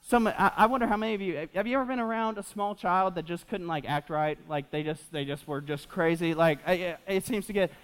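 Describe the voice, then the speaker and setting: A man's voice: high voice, brisk, few pauses, smooth. Young male pastor in a reverberant hall. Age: 20s. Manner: animated, repeats himself with fillers, jokes with the audience. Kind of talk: sermon. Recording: long reverb of a church hall.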